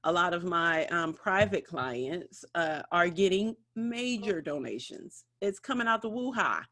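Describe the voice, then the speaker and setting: A woman co-hosting a podcast, an animated storyteller who acts out what other people said. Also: fairly low pitch, unhurried. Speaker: podcast co-host.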